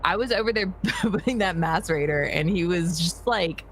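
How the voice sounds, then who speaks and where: A co-player chatting casually during a game stream, playful and quick to groan at monsters. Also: medium pitch, a bit bright, slight background noise. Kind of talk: casual gaming chat.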